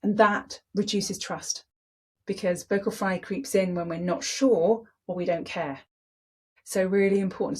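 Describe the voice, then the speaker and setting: A middle-aged woman, teaching public speaking in an energetic, emphatic way and changing her pace on purpose. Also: medium pitch, husky.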